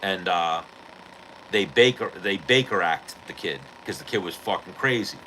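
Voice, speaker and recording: Forceful low-voiced man telling a fight story. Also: normal speed, a little hiss or hum, low-quality recording. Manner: profane, animated retelling of a street fight. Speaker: podcast host. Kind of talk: casual storytelling.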